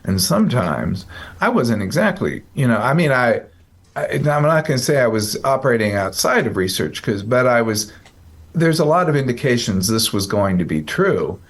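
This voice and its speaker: A man's voice: mid-range voice, big pitch swings, normal speed. A man hosting a casual psychology podcast, explaining a study in a rambling, self-correcting, joking way. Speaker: psychologist host.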